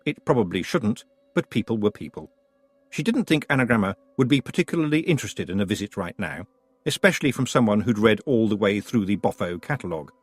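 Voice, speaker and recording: A man narrating a fantasy audiobook with expressive, wry storytelling. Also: on the low side, quick pace, husky, no room sound, soft background music. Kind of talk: scripted narration.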